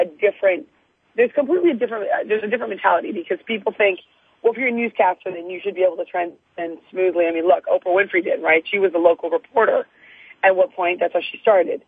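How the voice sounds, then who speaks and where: Raspy woman on a phone line. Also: mid-range voice, quick pace, no room sound. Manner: chatty, effusive, laughs often. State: morning voice, extra raspy. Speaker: guest, TV news reporter. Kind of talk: phone interview. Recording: tinny phone line, dry.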